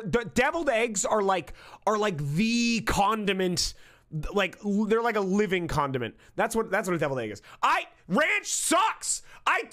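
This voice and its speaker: A man's voice: high voice, fairly bright tone. A man streaming live, ranting with emphasis and mock outrage, swearing often.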